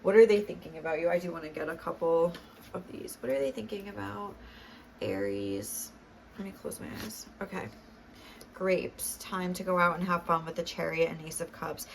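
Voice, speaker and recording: A woman's voice: on the low side, brisk, gravelly, slight background noise. A young woman giving a casual tarot reading, chatty and full of fillers, often laughing as she talks. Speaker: tarot reader.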